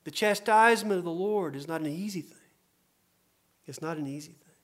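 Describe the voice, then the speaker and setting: A man preaching a sermon as a pastor, earnest and repetitive for emphasis, dropping to soft murmurs and rising to loud, emphatic cries. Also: high voice, a little fast. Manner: earnest, repeats phrases for emphasis.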